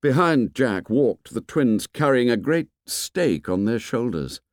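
A male narrator reads a novel slowly and deliberately, his pitch rising and falling widely to carry the drama. The sound is close and dry, with no room around it. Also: no echo. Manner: measured, expressive storytelling. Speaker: audiobook narrator. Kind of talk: scripted narration.

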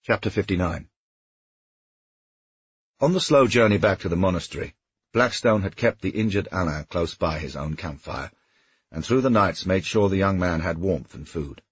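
Man, very low husky voice, lively inflection, dry dull audiobook sound. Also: moderate pace, pauses often, dry recording. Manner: steady storytelling. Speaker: audiobook narrator. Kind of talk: scripted narration.

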